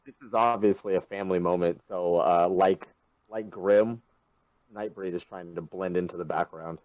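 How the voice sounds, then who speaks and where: Deep-voiced player, dull lo-fi sound. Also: male voice, fairly even intonation, normal speed, dry recording. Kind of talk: playing a tabletop game.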